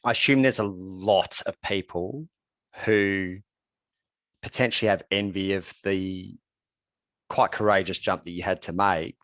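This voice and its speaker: Deep-voiced man hosting. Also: fairly even intonation, a little slow, fairly bright tone, no room sound. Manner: casual, rambling questions with fillers and frequent murmured agreement. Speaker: podcast host. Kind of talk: conversational interview.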